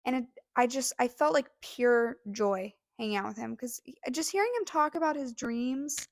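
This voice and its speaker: A woman's voice: on the high side, normal speed, no echo. Gushing young woman, close dry sound. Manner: gushing, emotional, many fillers. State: near tears. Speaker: podcast co-host. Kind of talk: casual storytelling chat.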